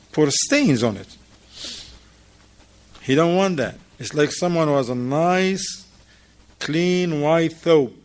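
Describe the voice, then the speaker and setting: A man with a mid-range voice teaches an informal religious class at a mosque, in English that is not his first language. He talks with the students, asks them questions and repeats their answers.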